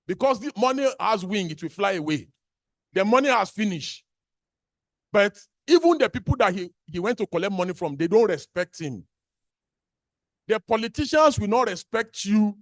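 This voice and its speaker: Fiery high-voiced Nigerian man speechifying. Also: no echo, studio quality. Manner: fiery, repeats phrases for emphasis. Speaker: activist speaker at a birthday gathering. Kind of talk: impassioned public speech.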